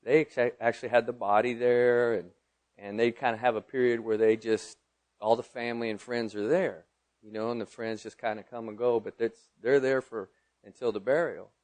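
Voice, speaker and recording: A middle-aged man preaching a sermon, moving from loud declarations to quiet personal storytelling. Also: medium pitch, steady tone, normal speed. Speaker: pastor.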